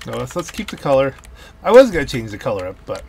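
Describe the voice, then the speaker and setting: A man's voice: mid-range voice, very animated, fast, creaky, a little mellow. A man giving casual, jokey let's-play commentary while racing, chatting to himself on a home microphone with audible clicks. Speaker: gaming channel host. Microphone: home gaming microphone with audible clicks. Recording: noisy, with car and game sounds behind.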